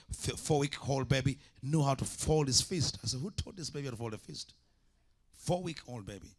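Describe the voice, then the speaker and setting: Guy preaching a fiery sermon, mid pitch, keeps repeating lines for the crowd to answer. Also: a bit bright. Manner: impassioned, repetitive call-and-response preaching. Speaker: evangelist preacher.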